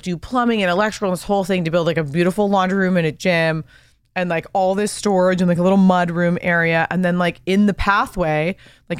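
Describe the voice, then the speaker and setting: A woman in her thirties with a smooth, resonant voice, chatting on a podcast. She tells stories with animated energy, swearing casually and laughing often. The sound is dry and close. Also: on the low side, no echo. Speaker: podcast host. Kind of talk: casual chat.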